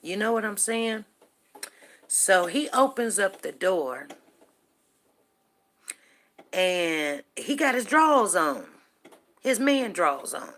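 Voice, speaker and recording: A middle-aged woman hosting a show, casually telling a personal story to her viewers, animated and repeating herself as she talks to them directly. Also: medium pitch, slow pace, pauses often. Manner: animated, repeats words, asks listeners "you know what I'm saying".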